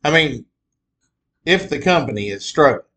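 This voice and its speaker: A male podcast co-host chatting casually in a laid-back, measured way. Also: a little high, animated, fairly bright tone. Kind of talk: casual chat.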